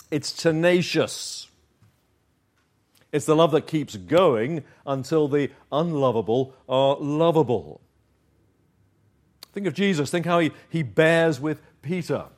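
Man preaching with soft and rising emphasis. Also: expressive, unhurried. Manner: shifts between soft, low asides and emphatic, raised points. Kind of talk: sermon.

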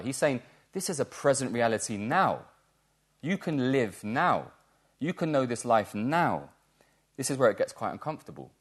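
A man preaching a sermon in a church, earnest and emphatic, repeating key words for stress. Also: medium pitch.

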